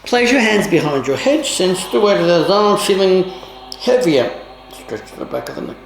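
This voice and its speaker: A woman yoga teacher giving calm, measured instructions with formal, old-fashioned phrasing during a guided class. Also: lowish voice, creaky, soft background music. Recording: roomy, echoey room.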